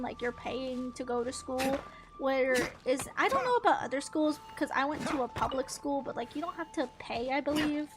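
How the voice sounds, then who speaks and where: A woman's voice: high-pitched, a little hiss or hum. A young adult woman streaming a game, chatting casually in a rambling, giggly way with offhand swearing. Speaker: gaming streamer. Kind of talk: casual chat while gaming. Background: faint game music.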